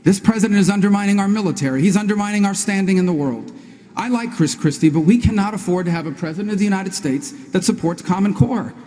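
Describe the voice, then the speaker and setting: A man speaking as a presidential candidate in a debate, in a rapid, emphatic, repetitive stump-speech style. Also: sits high, dark tone, long reverb tail. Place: large debate hall.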